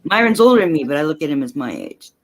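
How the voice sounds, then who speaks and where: A woman's voice: low-pitched, big pitch swings, quick pace. A woman in her fifties in casual chat, joking and easily flustered, stumbling over restarts. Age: 50s. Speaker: friend in a group chat.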